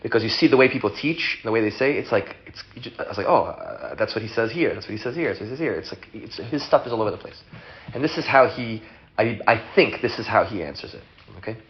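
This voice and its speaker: A man's voice: fairly low pitch, lively intonation, fast talker. A man teaching a casual Torah class to students, playful and chatty as he explains ideas and answers questions. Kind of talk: informal Torah lesson with questions. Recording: dull lo-fi sound with loud hiss.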